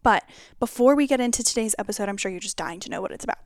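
A young adult woman hosting her own podcast, chatting casually and ranting with exasperated, animated tangents. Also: medium pitch, rapid-fire, no room sound, clean studio sound. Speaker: podcast host. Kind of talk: casual solo podcast chat.

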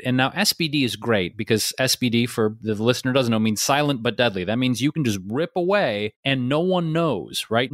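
A man in his forties, a podcast co-host telling funny stories in a casual, animated way. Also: medium pitch, dry recording, clean studio sound. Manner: animated, lots of "like". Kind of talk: casual comedic storytelling.

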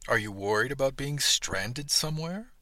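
A man reading the lines of a reserved senior male first mate in an audiobook, slow and probing. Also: mid-range voice, expressive, sharp tone, no room sound, voice pushed up. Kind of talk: audiobook dialogue.

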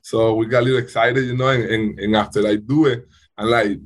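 Husky man in halting second-language English. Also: on the low side, steady tone. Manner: halting non-native English with frequent restarts. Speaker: baseball player guest. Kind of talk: casual interview talk.

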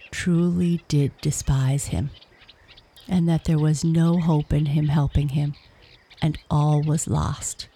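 A woman narrating a fable in a slow, hushed storytelling manner. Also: sits low, slight background noise. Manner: slow, hushed, gravelly reading. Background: crickets.

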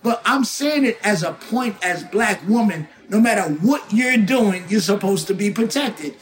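A man being interviewed as a guest rapper, talking emphatically, repeating himself and bursting into shouts. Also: high voice, animated, unhurried, poor audio. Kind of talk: casual interview talk.

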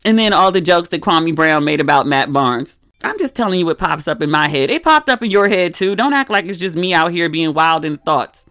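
A woman's voice: fairly low pitch, expressive, a little fast, few pauses, fairly bright tone, no room sound. Woman in her thirties, casual podcast host, candid and chatty, dry close recording. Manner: chatty, candid storytelling with asides. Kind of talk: casual chat.

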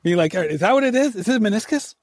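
A man's voice: high voice, expressive, rapid-fire, a little mellow, no echo, studio quality. A man around forty hosting a podcast, talking candidly in a rambling way, full of "like" and wry laughs. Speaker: podcast host and runner. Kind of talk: candid casual conversation.

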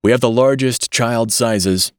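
A man doing a brisk shop clerk. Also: medium pitch, dry recording, clean studio sound, voice pushed up, natural voice. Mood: businesslike.

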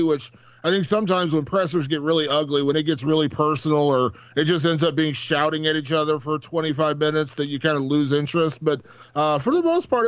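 A man's voice: on the high side, no echo, highs cut off. A man co-hosting a podcast, chatting casually and rambling with many fillers and restarts. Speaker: podcast co-host. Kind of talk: casual chat.

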